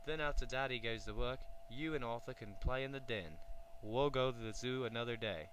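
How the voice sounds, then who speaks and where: A man voicing a gentle, reassuring mother in a storybook reading. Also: mid-range voice, a little fast, noisy background, close to an everyday voice. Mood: kind. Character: kind mother.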